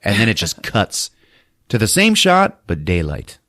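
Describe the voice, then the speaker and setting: A man's voice: on the low side, huge pitch swings, measured pace, a bit bright, no room sound, clean studio sound. A man hosting a podcast, retelling a movie casually, laughing often and acting out the characters' lines. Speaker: podcast host.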